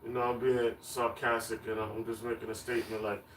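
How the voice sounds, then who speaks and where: A man's voice: medium pitch, flat delivery, brisk, slight background noise. A man preaching on the street, emphatic and repetitive, chanting lists of words. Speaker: street teacher. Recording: echoey, distant mic, faint ambience.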